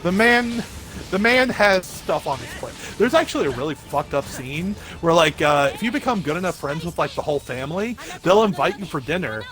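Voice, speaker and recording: A man's voice: fairly high pitch, animated, a little fast, a bit bright. A young man streaming a game, telling a rambling story in casual chat and leaning heavily on filler words. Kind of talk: casual chat while gaming. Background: game music.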